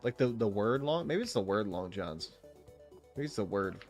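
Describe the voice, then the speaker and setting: At a normal pace and fairly low pitch, a man talks with viewers while streaming a game, faint music in the background. His casual chat rambles and cuts itself off, punctuated by frequent laughter and free swearing.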